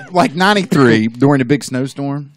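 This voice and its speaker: A man co-hosting a casual podcast, reminiscing and trailing off quietly. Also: medium pitch, animated, moderate pace, slight background noise. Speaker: podcast co-host.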